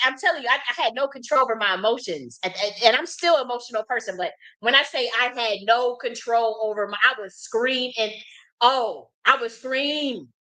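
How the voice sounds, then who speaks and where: A woman in her thirties from the United States, telling a long casual story in a blunt, profane and animated way, with many restarts. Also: a little high, poor audio. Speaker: host.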